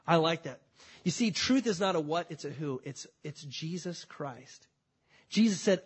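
A man preaching a sermon to a congregation, emphatic, swinging between loud declarations and quiet, drawn-out phrases. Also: fairly high pitch, animated, breathy edge. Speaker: pastor. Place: church before a congregation.

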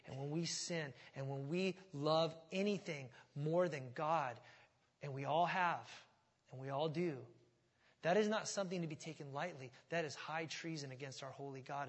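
A male pastor preaches in a slightly high voice, moving between easy, conversational asides and loud, emphatic build-ups. His words ring out with a long reverb that fills a large church sanctuary. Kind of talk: sermon.

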